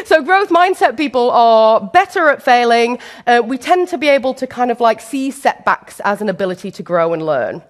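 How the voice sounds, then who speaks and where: A woman giving a conference keynote as a leadership trainer, telling stories with self-deprecating humour and putting questions to the audience. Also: fairly high pitch. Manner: addresses the audience directly with questions. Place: conference stage before a live audience.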